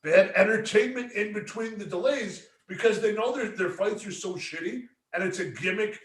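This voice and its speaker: Rambling high-voiced man, roomy and off-mic. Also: normal speed, far from the mic. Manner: rambling, full of "like" and swearing. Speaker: podcast co-host. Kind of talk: casual chat. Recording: roomy echo, away from the mic.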